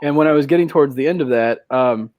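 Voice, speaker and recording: A man from Washington State talks casually on a podcast, telling stories at an easy pace. His voice sits at a middle pitch. The recording is dry and close. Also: fast, no echo, lo-fi sound. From Washington State, USA. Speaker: podcast co-host, freelance writer.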